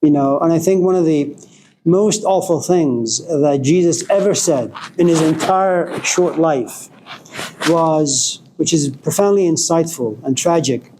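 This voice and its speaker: A man giving a philosophical lecture, speaking slowly and deliberately and digressing into stories. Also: fairly high pitch, a little mellow, slight background noise, rough recording. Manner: slow, deliberate, digressive storytelling.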